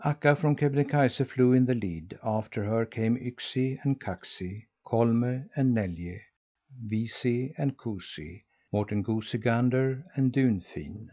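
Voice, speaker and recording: A man narrating a classic children's novel in a measured, steady reading. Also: mid-range voice, highs cut off. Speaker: audiobook narrator. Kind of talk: scripted storybook narration.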